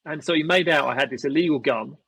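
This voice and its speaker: A man on a podcast, his voice slightly husky and breathy. He tells stories casually and animatedly, jumping up in pitch to act out what others said. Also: fast talker. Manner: animated, acts out quotes in raised voices. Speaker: podcast guest, airsoft YouTuber. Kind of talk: casual storytelling chat.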